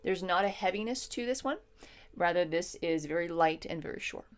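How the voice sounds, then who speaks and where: A woman with a fairly low voice teaches a music lesson. She explains patiently and step by step, pausing on ums as she thinks. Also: lively intonation. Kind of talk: instructional lesson.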